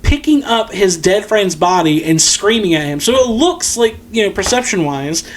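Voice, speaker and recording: A podcast co-host recapping a film in casual chat, telling it in an animated, indignant way with plenty of swearing. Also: medium pitch, normal speed. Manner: animated, heavily profane, indignant retelling.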